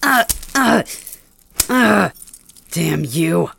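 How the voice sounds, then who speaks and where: A woman's voice: sits low, a little slow, gravelly, breathy edge, exaggerated voice. A woman voicing a proud, angry young captive male dragon king who snarls and grunts defiantly in an ASMR audio role-play. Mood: defiant pain.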